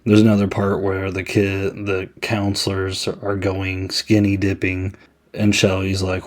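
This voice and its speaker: A man's voice: sits low, completely flat delivery, measured pace. A man hosting a podcast, giving a casual, chatty movie review with many "I mean"s. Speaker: podcast host.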